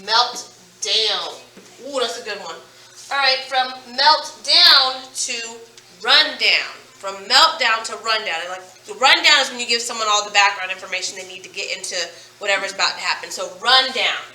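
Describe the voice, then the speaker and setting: A woman teacher leading a phonics lesson, stretching out words slowly and praising her students as she goes. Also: fairly high pitch, sharp tone, echoey room, recorded from a distance, rough recording. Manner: slow, drawn-out word modelling with praise.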